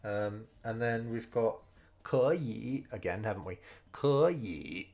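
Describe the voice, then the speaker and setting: A man's voice: on the low side, a little mellow. A man casually thinking aloud as he studies Mandarin over gameplay, hesitant and full of fillers. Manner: slow, unhurried delivery. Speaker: streamer learning Mandarin. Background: faint game music.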